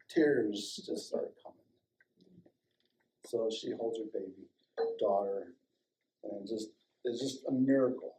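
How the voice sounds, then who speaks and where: An older man from Colorado, a chiropractor, telling a personal story to a small audience, acting out the dialogue and dropping to a hush at tender moments. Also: fairly low pitch, slow, pauses often, rough recording. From Colorado, United States. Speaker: chiropractor and guest speaker.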